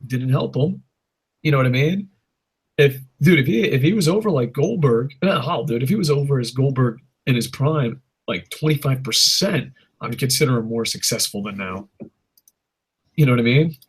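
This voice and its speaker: A man's voice: mid-range voice, lively intonation, normal speed, slightly rough. A man hosting a casual podcast, ranting in a rambling, profane way and laughing at his own jokes. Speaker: podcast host. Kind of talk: casual wrestling podcast rant.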